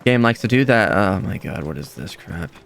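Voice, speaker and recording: A young man giving casual, excitable gameplay commentary, laughing often and exclaiming at the game. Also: low voice, moderate pace, vocal fry, faint music behind. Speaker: let's play gamer.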